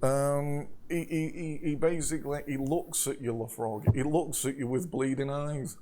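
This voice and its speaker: A man's voice: mid-range voice, moderate pace. A man running a tabletop game as game master, narrating rolls and laughing often as he goes. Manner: laughs often while narrating, relaxed and jokey.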